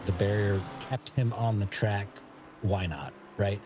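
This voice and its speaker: A laid-back American man with a lowish voice co-commentates on a sim race, weighing up driver choices and laughing often. Steady noise from the game runs under him. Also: a little slow. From United States. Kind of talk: casual live sim racing commentary.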